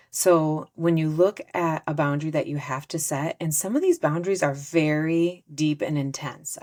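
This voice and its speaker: A woman with a notably low voice hosts her own self-help podcast. She talks in an earnest, easygoing way, slipping into little acted-out conversations as examples. She sounds like a middle-aged host speaking straight to her listeners. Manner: earnest, gently conversational, often acts out example dialogue.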